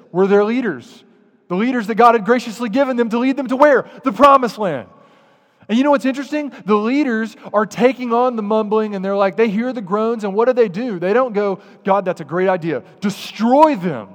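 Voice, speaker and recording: High-voiced pastor preaching in a reverberant hall. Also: male voice. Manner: animated, acts out grumbling voices. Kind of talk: sermon.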